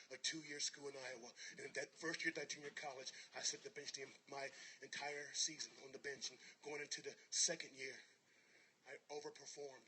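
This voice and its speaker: A man giving an inspirational speech to a live audience, swinging from hushed tones to shouts and calling on the crowd to join in. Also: medium pitch, a little hiss or hum. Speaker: motivational speaker.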